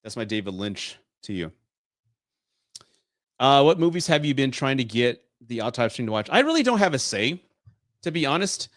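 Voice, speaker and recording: A man's voice: medium pitch, very animated, normal speed, long pauses, fairly bright tone, no room sound, clean studio sound. A man in his late forties from Texas, hosting a casual live stream Q&A, swearing freely and laughing often. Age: 40s. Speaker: host.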